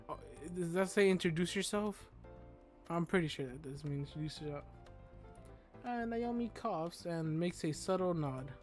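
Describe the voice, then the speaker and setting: A man streaming a visual novel, reading its text aloud haltingly and swearing often in casual commentary. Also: on the high side. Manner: profane, stumbling through read text. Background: faint game music.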